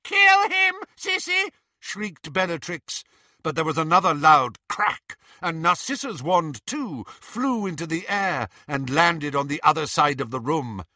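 A man reading a fantasy novel aloud in a lively, dramatic way, his pitch rising and falling a great deal. He reads slowly and with care, in a bright, forceful tone. The sound is dry and close. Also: no echo. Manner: animated, dramatic reading with voices. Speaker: audiobook narrator. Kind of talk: storybook narration.

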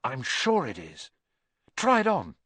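A man voicing an excitable, warm-hearted eleven-year-old schoolboy in a storybook reading, with gasping, wide-eyed excitement. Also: medium pitch, a little slow, breathy edge, no room sound, heavily acted. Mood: excited.

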